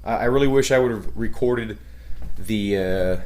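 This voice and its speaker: A man's voice: fairly low pitch, moderate pace, a little mellow. A man vlogging casually, telling a story in a rambling way with many filler words and swearing. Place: outdoors at a shooting area.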